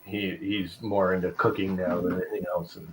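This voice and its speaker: Man, guest on a video call, low voice, joking, laughing storyteller. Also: level tone, moderate pace, a crowd in the background, rough recording. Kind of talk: casual video call chat.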